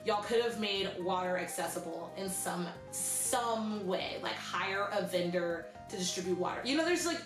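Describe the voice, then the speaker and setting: A young woman telling a story in a casual vlog, chatty and animated, with "like" in nearly every sentence. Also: mid-range voice, moderate pace, hardly any pauses, reverberant, music in the background. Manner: chatty, animated, heavy use of "like". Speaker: vlogger.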